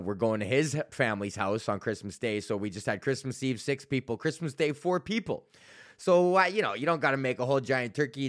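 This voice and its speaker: Young male comic podcast host from Canada, casual, rambling, swears freely, average pitch. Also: bright, forceful tone. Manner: rambling, profane, laughs at own stories. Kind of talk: casual comedic monologue.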